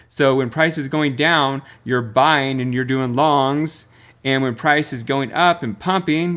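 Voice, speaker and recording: A man teaching crypto trading over a screen share, emphatic and repetitive, with bursts of salesy excitement. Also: mid-range voice.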